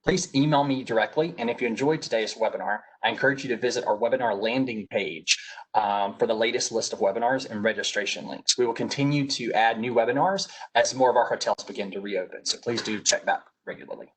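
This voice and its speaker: A man's voice: mid-range voice, fast, fairly bright tone, slightly rough, rough recording. A man with a Southern US accent hosting a webinar over a video call, reading announcements politely with frequent fillers, a little sick. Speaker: webinar host.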